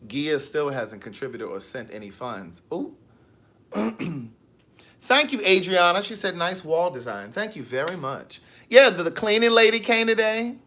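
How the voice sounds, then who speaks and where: A man hosting a casual live stream, reading viewer comments with sassy, animated storytelling. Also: high voice, a little slow.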